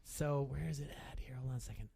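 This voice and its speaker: A man's voice: mid-range voice, steady tone, fast talker, gravelly, mellow, slightly rough. A man hosting a sports radio show, telling a story in a rambling way and acting out the quotes. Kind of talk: casual sports talk.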